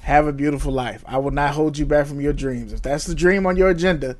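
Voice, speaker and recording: A middle-aged man co-hosting a casual chat, telling stories in a profane, animated way with frequent laughs. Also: fairly high pitch, fast talker. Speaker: podcast co-host.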